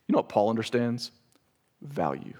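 Guy pastor preaching, earnest, keeps repeating himself, gets real quiet on the big points. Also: medium pitch, big pitch swings, normal speed. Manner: earnest, emphatic preaching with repeated words and restarts, drops to quiet for emphasis. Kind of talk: sermon.

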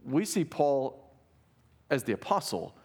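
A man's voice: mid-range voice, sing-song, slow pace, slightly rough. A man delivers a sermon as a pastor in a church. His preaching is earnest but conversational, and he often checks in with his listeners as he goes.

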